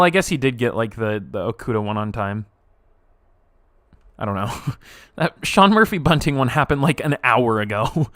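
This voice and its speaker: A young man live streaming, reacting and reading chat aloud in an excitable way, laughing often and swearing casually. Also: mid-range voice, dry recording.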